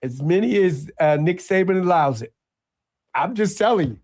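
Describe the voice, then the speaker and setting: Male sports radio host, high voice, lively pitch swings, emphatic. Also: moderate pace. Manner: emphatic, animated, repeats phrases for effect. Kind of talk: casual sports talk debate. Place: radio studio.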